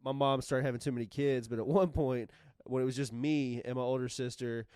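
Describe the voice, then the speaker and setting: A man co-hosting a podcast, telling a personal story in halting, rambling casual chat. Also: medium pitch, fairly even intonation, mellow, clear, resonant tone, no room sound, studio quality. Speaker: podcast co-host.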